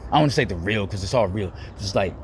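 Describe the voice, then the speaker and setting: A man's voice: on the low side, animated, quick pace, background noise. Rambling young man. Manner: rambling, heavy use of "like", laughs easily. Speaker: vlogger. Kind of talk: casual rambling monologue.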